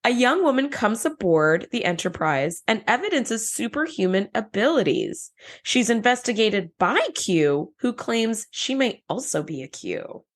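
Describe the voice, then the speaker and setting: A woman co-hosting a podcast in casual chat, her voice hoarse and scratchy after the flu, gushing and laughing often. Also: fairly high pitch, sing-song, unhurried. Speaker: podcast co-host.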